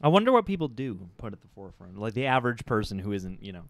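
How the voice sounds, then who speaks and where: A man's voice: lowish voice, big pitch swings, fast, no room sound. A man co-hosting a casual live-stream chat about movies, easygoing and reading viewer comments aloud. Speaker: co-host of a movie talk stream.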